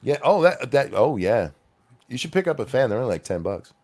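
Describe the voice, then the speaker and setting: Man, podcast co-host, gravelly, husky, lively swinging pitch, profane sarcastic rant. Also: a little fast. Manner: profane, sarcastic, heated ranting.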